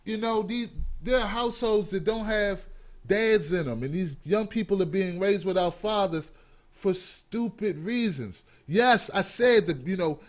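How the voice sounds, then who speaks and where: A man's voice: high-pitched, measured pace. A man hosting a call-in talk show, ranting with passion and profanity. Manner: impassioned, profane, emphatic. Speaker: host. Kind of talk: heated call-in show rant.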